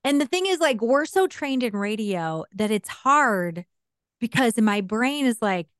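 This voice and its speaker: A woman's voice: a little high, big pitch swings, measured pace, a bit bright, dry recording. Radio-trained woman, close and dry. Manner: radio-style emphatic delivery, laughs often. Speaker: podcast co-host and voice actor. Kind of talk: casual chat.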